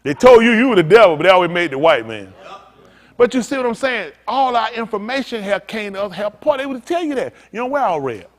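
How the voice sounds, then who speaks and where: A man in the pulpit, preaching loose and full of jokes. His voice sits high for a man and leaps all over the place, climbing and dropping as he riffs and calls out to the congregation. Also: brisk. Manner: animated, joking, talks to the congregation. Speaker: pastor. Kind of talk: freewheeling preaching with comic asides.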